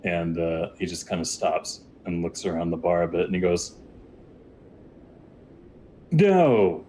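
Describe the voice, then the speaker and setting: A man guides a tabletop game as game master, talking loosely and chattily through each scene. His voice sits on the low side. A faint rumble runs beneath the recording. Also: monotone, normal speed, a little mellow. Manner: casual, filler-heavy narration.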